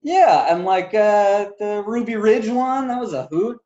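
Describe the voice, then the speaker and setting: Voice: medium pitch, animated, unhurried, dark tone, highs cut off. A podcast co-host in a casual film review chat, rambling with lots of filler words and frequent laughs.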